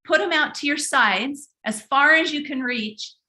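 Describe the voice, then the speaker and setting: A middle-aged woman hosts a live online workshop, telling stories in an animated way and often addressing viewers directly. Her voice is high and bright. She restarts phrases often as she talks. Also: a little slow. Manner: animated, speaks directly to the audience, frequent restarts. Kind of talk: live webinar storytelling talk.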